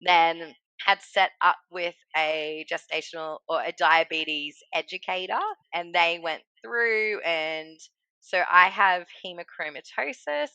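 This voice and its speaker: A woman's voice: on the low side, slow pace, pushed and bright, smooth, dry recording. A woman telling her own story as a guest in a casual interview, chatty and laughing often, acting out what people said.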